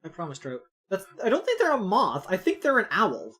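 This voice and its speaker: A woman's voice: mid-range voice, wildly swooping pitch, brisk, a bit bright. A woman streamer chatting casually while playing a visual novel game, amused and rambling. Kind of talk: casual gameplay commentary.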